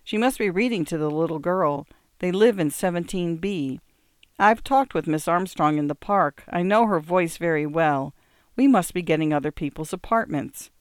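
A narrator doing an excitable young wife. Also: mid-range voice, normal speed, clean tone, dry recording, clean studio sound, natural voice. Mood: excited.

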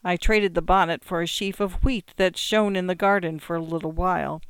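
Calm measured reader doing short fiction, smooth voice, dead dry sound. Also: medium pitch, no echo. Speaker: story reader. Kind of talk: literary short story reading.

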